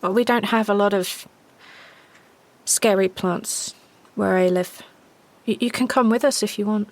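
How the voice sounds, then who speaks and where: A woman voicing a wary young woman survivor who speaks in halting, stammering bursts. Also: medium pitch, steady tone, lightly acted.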